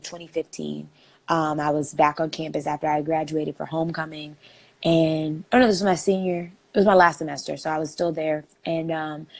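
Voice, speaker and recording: A young woman in her twenties, a guest telling a story in a casual, chatty way with lots of "like" fillers. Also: deep voice.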